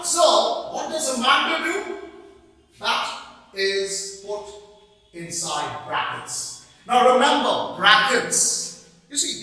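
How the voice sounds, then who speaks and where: A man's voice: very high voice, pushed and bright. A middle-aged man gives a classroom lecture on a poem, repeating points emphatically and often checking with "okay?". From India. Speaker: English teacher. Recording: echoey room, mic far off.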